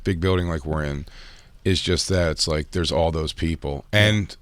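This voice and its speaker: Very deep-voiced blunt man. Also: normal speed, no room sound. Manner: blunt, profane, deadpan. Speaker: podcast co-host. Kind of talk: crude casual banter.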